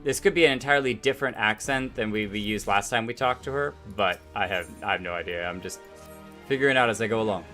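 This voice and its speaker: A man's voice: fairly low pitch, fast, bright, forceful tone. A man giving chatty, playful commentary over a game he is playing. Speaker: game streamer. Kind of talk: let's play commentary. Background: game music.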